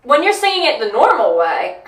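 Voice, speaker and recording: Bright-voiced woman voice teacher in a roomy space. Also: sits high, sing-song, brisk, distant mic, background noise. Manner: enthusiastic, breaks into sung demonstrations. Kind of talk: reaction video analysis, casual chat.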